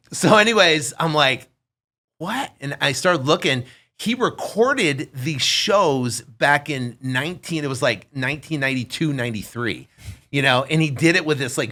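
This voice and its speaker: Speaking at a moderate pace with a medium pitch, a man in his fifties shares a story as a guest on a podcast. The talk is casual, and he livens it up by voicing the people he describes.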